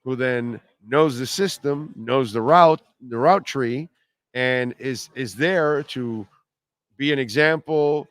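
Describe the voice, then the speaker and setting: A man's voice: mid-range voice, slow pace, no room sound. A middle-aged man hosting a sports talk radio show, talking casually, bluntly and rambling, often repeating himself.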